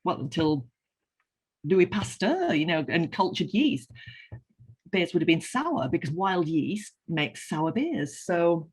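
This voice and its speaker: A woman with a Northern English accent, a beer writer chatting casually and explaining with lively enthusiasm. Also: lowish voice, slow, slightly rough. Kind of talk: casual chat.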